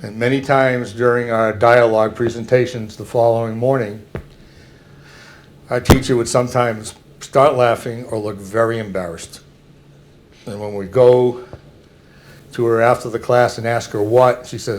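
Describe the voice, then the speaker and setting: An older man giving a public talk, slowly and carefully explaining examples to an audience. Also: mid-range voice, slight background noise.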